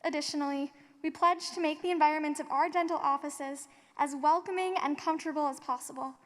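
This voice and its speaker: A young woman student reading a pledge aloud in an earnest, measured way. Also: high-pitched, steady tone. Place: large auditorium. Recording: reverberant hall.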